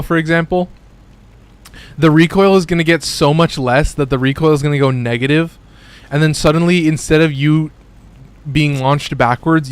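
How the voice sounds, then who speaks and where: A young man commentating casually on his live stream, rambling and excitable, often saying "like", with the odd curse. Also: on the high side, clear, resonant tone.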